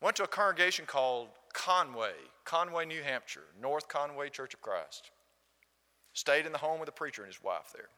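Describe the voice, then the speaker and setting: A man's voice: a little high, lively intonation, moderate pace, sharp tone. A man with a Southern accent from Alabama, preaching a sermon and telling a story, asking the congregation questions. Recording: long hall reverb.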